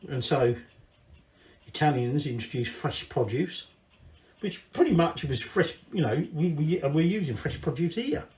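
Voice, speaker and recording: A Scottish man chats his way through a cooking demonstration, wandering off into tangents and tossing in casual swearing. His voice sits a little on the high side for a man. The sound is roomy, with a noticeable echo from the kitchen around him. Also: animated, unhurried, darkish tone. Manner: chatty, rambling, sweary asides. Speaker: cooking channel host. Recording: echoey room.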